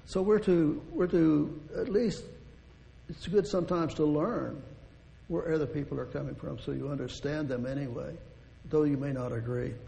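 A man preaching a sermon with a deeply gravelly, mellow voice, pitched a touch high for a man. He talks in a folksy, rambling way, circling back over his phrases. The sound rings with long reverb, over a faint low rumble. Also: fairly even intonation, normal speed. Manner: folksy, rambling with restarts, chuckles.

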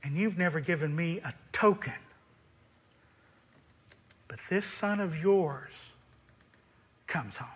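A man's voice: on the high side, expressive, takes it slowly, long pauses, fairly bright tone, husky, full character voice. A man voicing a resentful grown elder son who complains bitterly and sarcastically to his father. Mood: bitter sarcastic.

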